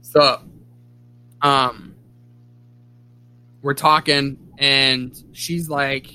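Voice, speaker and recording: A man's voice: mid-range voice, level tone, drawn-out words, sharp tone, clear, resonant tone. A man hosting a podcast, telling a story in a rambling, profane way, full of restarts and fillers. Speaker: podcast host. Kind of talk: casual storytelling chat.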